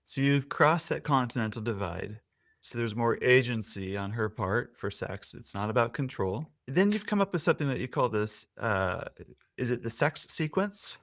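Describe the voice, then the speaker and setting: Male interview host, mid-pitched, encouraging, short affirmations. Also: expressive, moderate pace, a bit bright. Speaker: podcast host. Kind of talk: conversational podcast interview.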